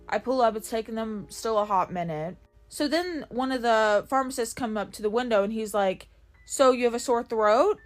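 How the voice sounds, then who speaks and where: A woman's voice: fairly high pitch, normal speed, soft background music. A woman telling a casual, chatty personal story with sarcastic, self-deprecating jokes. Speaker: storytime TikToker.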